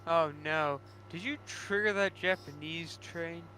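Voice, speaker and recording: A man's voice: a little high, unhurried, sharp tone, clear, resonant tone. A man voicing an earnest, caring male engine. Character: calm male toaster engine, Bill.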